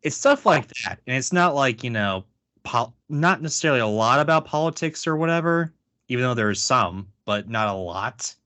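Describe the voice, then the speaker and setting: A man's voice: medium pitch, normal speed, no echo. Rambling casual man, dry close mic. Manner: rambling, filler-heavy, animated asides. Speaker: podcast co-host. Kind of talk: casual chat.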